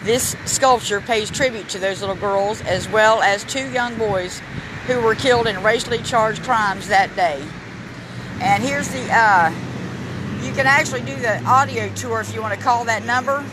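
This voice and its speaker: Emotional man vlogging outdoors. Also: high-pitched. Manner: emotional, chokes up, reads plaques aloud haltingly. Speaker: vlogger touring a memorial park. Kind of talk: casual walking vlog narration. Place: outdoor city park. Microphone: handheld phone camera. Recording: outdoor phone recording with traffic noise. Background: street and traffic noise.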